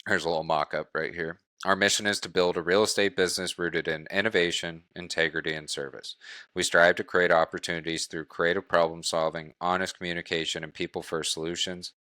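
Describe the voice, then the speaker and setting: A man coaching a group on wholesaling real estate, talking in a brisk, blunt way and swearing casually. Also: low voice, flat delivery, bright, forceful tone, no room sound, studio quality.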